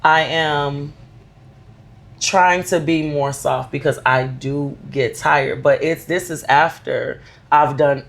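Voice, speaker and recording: A woman's voice: low-pitched, fairly even intonation, slow pace, gravelly, slight background noise. A woman co-hosting a podcast, talking candidly and emphatically about motherhood in casual chat. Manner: emphatic, candid, personal storytelling. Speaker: podcast co-host.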